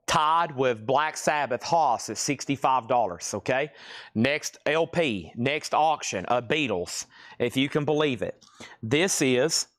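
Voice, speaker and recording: A man hosting a live-stream vinyl sale, calling bids in quick auctioneer patter and cracking jokes between items. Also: mid-range voice, fairly bright tone. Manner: rapid auctioneer chanting, joking asides. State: sweaty and restless, pacing.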